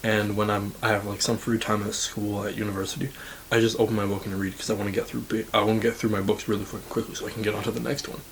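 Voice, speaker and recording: This motivational clip features an eighteen-year-old man from Canada, a university student, speaking quickly to camera with a lowish voice that barely moves in pitch. His self-improvement advice is blunt and casual, loaded with swearing and frequent "like"s. The recording is low quality and carries slight hiss or hum.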